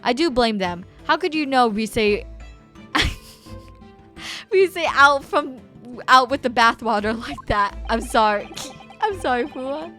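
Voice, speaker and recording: Bright, excitable young woman streamer. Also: fairly high pitch, slow pace, long pauses, faint music behind. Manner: excitable, giggly. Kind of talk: casual game stream chat.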